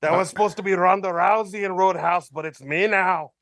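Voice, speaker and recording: A man's voice: high voice, steady tone, brisk, creaky, a bit bright, no echo, clean studio sound. A man doing a brash Irish fighter. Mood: taunting. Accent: put-on Irish. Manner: swaggering, teasing, laughing mid-line. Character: brash cocky Irish male fighter impression. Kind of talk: comic impression on a podcast.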